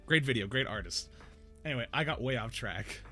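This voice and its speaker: A young man hosting a casual chat, rambling and animated as he tells stories with many restarts and quoted lines. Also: mid-range voice, a little fast, faint music behind. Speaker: podcast host.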